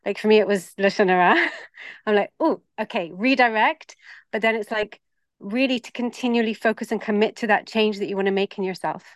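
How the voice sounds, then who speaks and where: Woman guest, casual reflective talk, mid pitch, dry recording. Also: steady tone, fast, no room sound.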